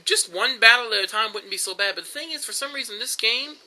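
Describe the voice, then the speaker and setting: A man's voice: very high-pitched, animated, fast talker, sharp tone, poor audio. A young man casually commenting while playing a video game, rambling with frequent fillers and restarts. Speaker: gameplay commentator. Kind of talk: casual let's-play commentary.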